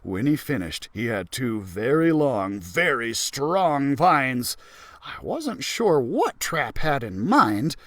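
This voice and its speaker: A man reads a children's story aloud with lots of bounce, his voice rising and falling through each sentence. He sits on the high side and takes it unhurried. The sound is close and dry. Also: no room sound. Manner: animated, expressive storytelling. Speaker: children's librarian reader.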